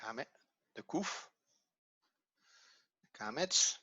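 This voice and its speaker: A middle-aged man teaching a grammar lesson, explaining slowly and step by step, a non-native English speaker whose first language is Dutch. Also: medium pitch, lively intonation, pushed and bright, breathy edge, no room sound, muffled recording. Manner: slow, methodical explaining step by step. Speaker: Hebrew teacher.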